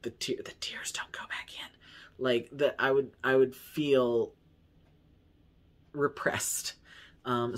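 A man's voice: mid-range voice, a bit bright. A man talking casually to his camera in a vlog, candid and self-mocking, swearing freely and rambling with lots of likes and small laughs. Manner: laughs easily at himself. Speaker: vlogger.

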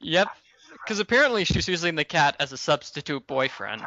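A man giving casual, joking commentary on a video game, chatty and quick to laugh. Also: a little high, animated, muffled recording, a crowd in the background.

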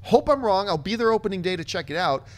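Man, higher voice, very lively pitch; opinionated movie panelist. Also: fast. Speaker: movie talk show panelist. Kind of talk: casual panel chat.

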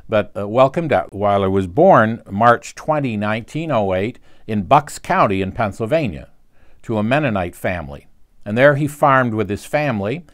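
A man giving a short devotional talk, telling a story in an earnest, gently preaching way. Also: fairly low pitch.

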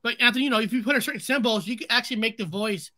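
A man co-hosting a casual chat, excited and stumbling over repeated words. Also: very high voice, racing. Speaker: podcast co-host.

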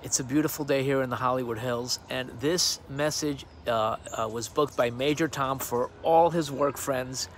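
A man's voice: medium pitch, moderate pace, hardly any pauses, a little hiss or hum. A man recording a casual, rambling video greeting outdoors on his deck, hesitating with ums and uhs. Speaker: actor recording a personal video message.

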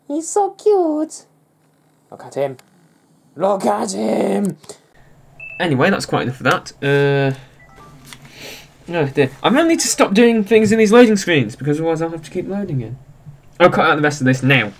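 A man's voice: a little high, very animated, quick pace. A young man giving casual, jokey commentary while he plays a video game, rambling and mocking himself. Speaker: let's play host.

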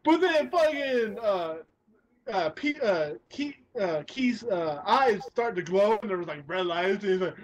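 A young man co-hosting a casual podcast, excitable and crude, laughing as he retells comedy sketches. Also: high voice, unhurried. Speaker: podcast co-host.

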